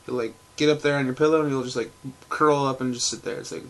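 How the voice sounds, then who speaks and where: A man's voice: medium pitch, steady tone, quick pace. A man rambling casually to camera at home in a loose, profane vlog, full of fillers and restarts. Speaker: vlogger. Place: at home indoors.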